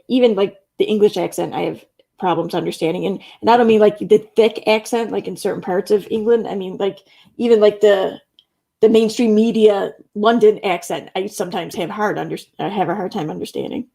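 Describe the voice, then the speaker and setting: This relaxed live stream features a middle-aged host reading audience comments and chatting about them with plenty of laughter. She's from Central New York, and her voice is mid-pitched with a gravelly fry.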